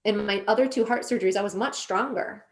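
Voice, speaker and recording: A woman on a podcast as a guest, telling her own story in an earnest, slow, deliberate way. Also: medium pitch. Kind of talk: emotional personal storytelling.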